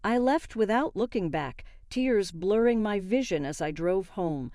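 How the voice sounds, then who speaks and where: A woman reading a first-person story in an even, steady narration. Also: medium pitch, unhurried, dry recording, studio quality.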